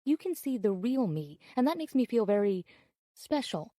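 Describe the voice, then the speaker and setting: A woman voicing a gushing flirty pen pal, mellow tone, dry close sound, audiobook drama. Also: on the high side, big pitch swings, moderate pace, no room sound. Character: bubbly flirtatious woman writing love emails.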